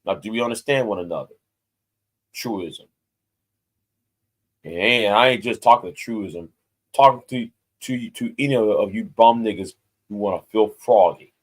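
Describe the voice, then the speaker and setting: A man's voice: fairly low pitch, measured pace, pauses often. A man in his forties giving a confrontational, threatening rant straight to the camera, profane and repeating himself for emphasis. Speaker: YouTube commentator. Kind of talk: angry direct-to-camera rant.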